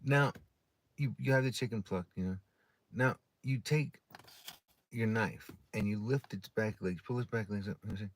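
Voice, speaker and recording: A man's voice: fairly low pitch, moderate pace. A man on a livestream delivering a blunt, profane ranting monologue and telling stories. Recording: loud background noise.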